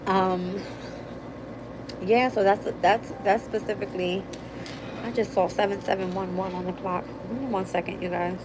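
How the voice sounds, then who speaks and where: A woman's voice: medium pitch, normal speed, noisy background. Blunt, profane woman chatting on a livestream. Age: adult with a daughter. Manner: blunt, profane, animated storytelling. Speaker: tarot reader and channel host. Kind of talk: casual livestream chat. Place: at home, late night.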